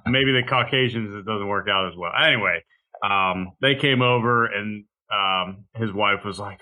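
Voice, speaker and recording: A man's voice: lowish voice, normal speed, phone-quality sound. A tired man co-hosting a casual podcast, rambling through a story and acting out the voices of the people in it. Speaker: podcast co-host. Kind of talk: casual chat.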